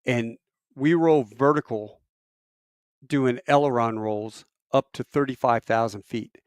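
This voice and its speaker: A middle-aged man tells a story from his service days in a casual, rambling way. He is animated and self-mocking, and his voice sits in a middle range. The sound is close and dry, with no room around it. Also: a little slow, smooth, no echo. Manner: animated, acts out quoted voices with big pitch jumps; self-deprecating, rambling with fillers. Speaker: military veteran storyteller.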